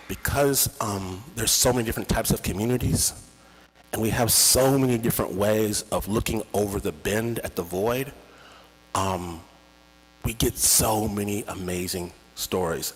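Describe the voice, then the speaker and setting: A man with a husky, low voice tells a personal story live. He draws out his words slowly and builds drama and emotion. The sound rings with long reverb from a large hall. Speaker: storyteller and podcast host.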